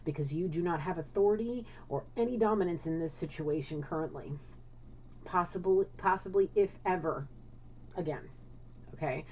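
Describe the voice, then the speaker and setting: A woman's voice: fairly low pitch, moderate pace, a little mellow, a little hiss or hum. A woman giving a casual spiritual tarot reading, blunt and swearing, often checking in with "okay?". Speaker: tarot card reader. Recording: dull lo-fi audio.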